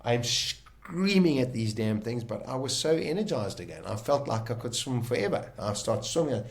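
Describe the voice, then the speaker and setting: A middle-aged South African man telling his survival story vividly, acting out his own inner voices and swinging between loud and soft. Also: mid-range voice. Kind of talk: animated storytelling.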